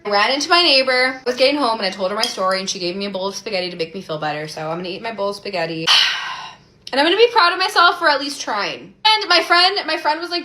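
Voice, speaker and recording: Chatty twenty-something woman, high and bright, casual storytime vlog delivery. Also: slight background noise. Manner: chatty and animated, heavy use of "like". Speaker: storyteller in a clip.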